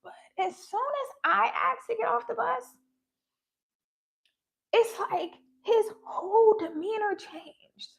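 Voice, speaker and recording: A young woman hosting a spiritual livestream, earnestly retelling personal dreams and signs with animated quoted lines. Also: very high-pitched, slow, vocal fry. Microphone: phone livestream.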